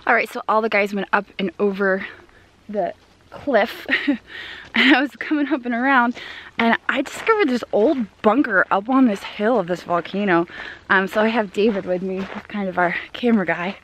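A woman vlogging outdoors while hiking up a volcano, excitable and quick to laugh, at times out of breath, speaking into a handheld camera mic. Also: mid-range voice, slight background noise. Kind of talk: outdoor adventure vlog.

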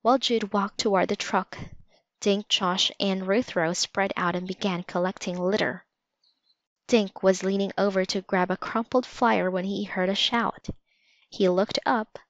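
A woman narrating a children's storybook aloud in a calm, measured way. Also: mid-range voice, dry recording. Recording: slightly dull lo-fi recording.

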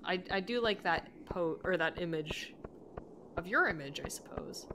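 A woman's voice: lowish voice, animated, normal speed, background noise. A woman chatting playfully and rambling with frequent giggles while streaming a video game. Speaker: gaming streamer. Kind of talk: casual live-stream chat while playing. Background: game music.

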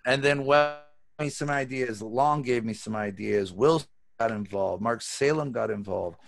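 A man with a gravelly, creaky voice lectures on magic over a video call. He tells his story casually and with animation, swearing freely as he goes. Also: mid-range voice, moderate pace.

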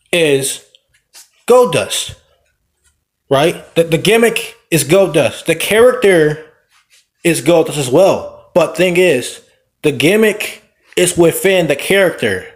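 A man, a wrestler, giving a casual, rambling opinion vlog while playing a game, often backtracking and correcting himself. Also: medium pitch. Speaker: wrestler and vlogger.

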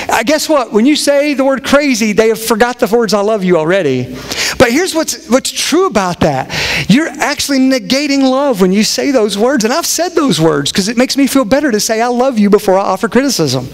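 A middle-aged man preaching a sermon, animated and self-deprecating, acting out quoted lines of dialogue. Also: very high voice, moderate pace, long reverb tail. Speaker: pastor.

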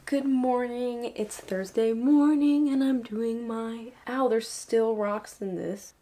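A woman's voice: a little high, slow, warm tone, soft background music. A young woman in college talking casually to her phone camera, chatty and upbeat, with lots of filler words. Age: young adult. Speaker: college student vlogger. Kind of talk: casual vlog talk to camera.

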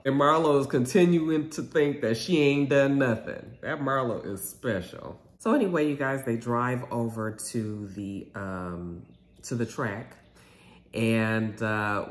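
A man giving a casual, animated recap of a reality TV episode, gossipy and sassy. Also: mid-range voice, normal speed, roomy sound.

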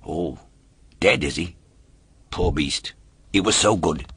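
A man doing a sly, husky polecat. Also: slow, fairly bright tone, no room sound, full character voice. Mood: sly coaxing. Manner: coaxing, low-voiced bargaining. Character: sly greedy male polecat, smooth-talking.

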